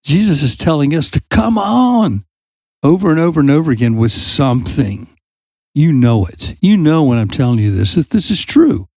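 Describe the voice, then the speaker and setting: A man hosting a youth ministry podcast talks through a Bible story in a conversational way. His fairly high voice climbs sharply when he acts out the characters' shouted lines. The sound is dry and close. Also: normal speed, no echo. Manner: animated storyteller who acts out quoted lines loudly; asks listeners direct questions. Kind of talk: conversational faith talk.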